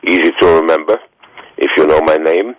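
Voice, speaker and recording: A man in his nineties, a radio interview guest, telling stories slowly and haltingly with many fillers, heard over a phone line. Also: a bass voice, fairly even intonation, no room sound. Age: 90s.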